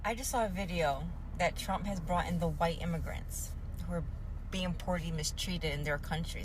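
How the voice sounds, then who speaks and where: Angry woman ranting at the camera, cursing nonstop, lowish voice. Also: normal speed, background noise. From Puerto Rico. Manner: furious, cursing, heated.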